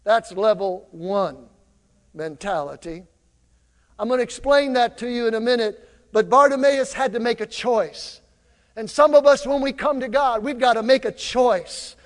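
A male pastor preaching a lively sermon in a church, drawing the congregation into call-and-response. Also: extremely high pitch, a little slow, big-room sound. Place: church sanctuary.

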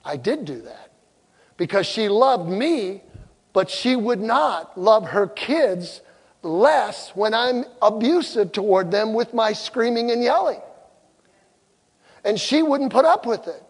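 A middle-aged male pastor delivers a sermon in a noticeably high voice. He tells personal stories with emphasis and turns to the congregation with questions. His words trail off in the long reverb of a large hall. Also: very animated, slow, husky. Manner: emphatic storytelling, asks the crowd questions.

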